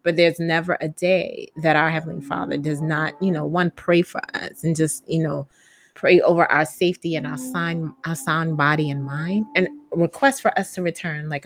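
A woman with a low voice speaks earnestly in a relaxed faith conversation. She talks about grace and welcome in an unhurried way. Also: a little hiss or hum. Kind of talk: casual faith discussion.

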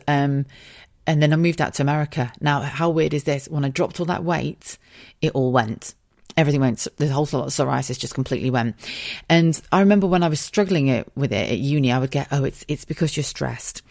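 A woman's voice: low-pitched, creaky, a little mellow. A woman with an English accent, a podcast host telling a candid personal story in a giddy, sweary, self-mocking way.

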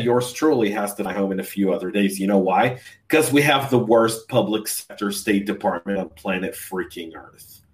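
A man from California on a casual livestream, ranting with emphatic sarcasm. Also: fairly low pitch. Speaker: podcast host and guest co-host.

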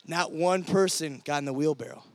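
A man's voice: fairly high pitch, moderate pace, dry recording. A young adult man preaching to a youth group, telling stories with energy and acting out the voices of the people in them. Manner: energetic storytelling, acts out quoted voices. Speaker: youth pastor. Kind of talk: sermon.

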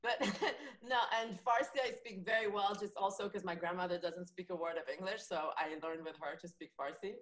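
A woman comedian chats as a podcast guest, spinning lively stories and breaking into laughter. Her voice sits a little low. The room is echoey around her. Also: normal speed, hardly any pauses. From France. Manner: chatty, laughs often, lively anecdotes. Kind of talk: casual podcast chat.

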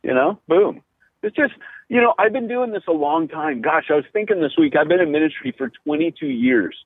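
A middle-aged man, a pastor and podcast host, telling stories in casual chat, animated and full of "you know" and restarts. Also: sits high, brisk, vocal fry, slightly rough, no room sound. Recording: tinny phone-like line, dry.

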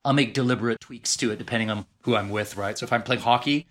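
A middle-aged man with a Canadian accent, a guest author telling lively stories in a podcast interview. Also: medium pitch, fast. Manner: animated storyteller, laughs often.

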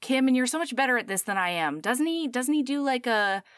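Woman, podcast co-host, casual story recap, acts out dialogue, very lively pitch, dry close sound. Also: brisk, dry recording. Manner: animated storytelling, acts out characters' lines, laughs often. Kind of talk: casual book recap chat.

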